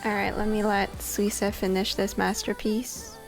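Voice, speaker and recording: A woman's voice: mid-range voice, fairly even intonation, moderate pace, music in the background. A young woman streaming, chatting casually and laughing often while a little out of breath. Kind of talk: casual chat.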